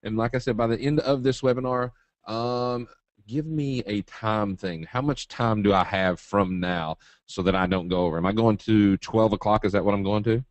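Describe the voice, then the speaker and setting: A man's voice: on the low side, normal speed, dry recording. A man from Eastern Kentucky with a Southern drawl, presenting a live trading webinar in a folksy, joking, straight-talking way.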